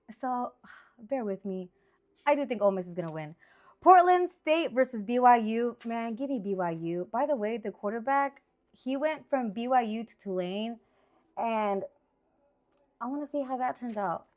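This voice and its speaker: Chatty, animated woman in her thirties. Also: on the high side, unhurried. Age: 30s. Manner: animated, rambling, exclamatory. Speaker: sports picks host. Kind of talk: casual chatty sports picks.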